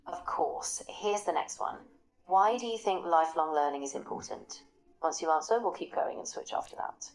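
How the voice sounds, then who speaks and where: A synthesized woman's voice with a low pitch speaks as an AI assistant. She is upbeat, polished and encouraging, and praises each answer before setting the next question. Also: lively intonation, normal speed, rough recording. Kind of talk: conversational practice partner.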